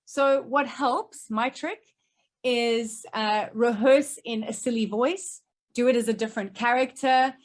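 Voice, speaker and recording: A woman who speaks professionally, answering questions over a video call with emphatic, crisp points. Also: on the high side, fairly even intonation, measured pace. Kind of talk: remote Q&A answers. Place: home office, remote.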